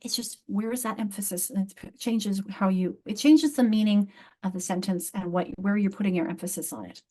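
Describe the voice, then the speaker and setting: A woman's voice: medium pitch, brisk. Chatty woman leading a literacy training. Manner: animated, many restarts and fillers; rhetorical tag questions. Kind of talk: live teacher training lecture.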